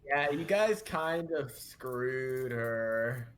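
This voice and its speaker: A man's voice: mid-range voice, animated, drawn-out words, fairly bright tone, slight background noise. Young man running a tabletop game. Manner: laughs often, casual and wry. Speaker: game master.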